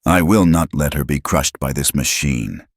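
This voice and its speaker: A man's voice: extremely low pitch, lively intonation, moderate pace, gravelly, breathy edge, dry recording, clean studio sound, full character voice. A man voicing an undercover male boss who speaks firmly and with restraint. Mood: determined.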